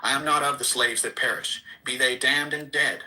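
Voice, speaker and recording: A man's voice: mid-range voice, normal speed, sharp tone, poor audio. A man giving a solemn, declamatory reading of an archaic scriptural text. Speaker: reader.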